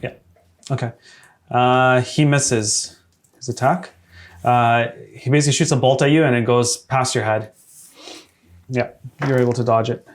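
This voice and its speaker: A man running a tabletop game as game master, hesitant with many fillers and quick to laugh. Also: mid-range voice, fairly even intonation.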